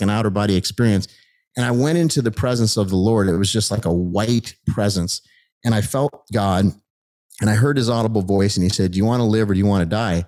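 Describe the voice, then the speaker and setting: Excited middle-aged man telling his story. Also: lowish voice. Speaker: guest telling his testimony. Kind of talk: animated storytelling.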